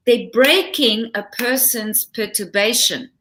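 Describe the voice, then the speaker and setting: A middle-aged woman, a relationship coach, chatting as an interview guest and telling stories with lively laughter. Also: fairly high pitch, moderate pace. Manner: animated storytelling, laughs often. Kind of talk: casual interview chat.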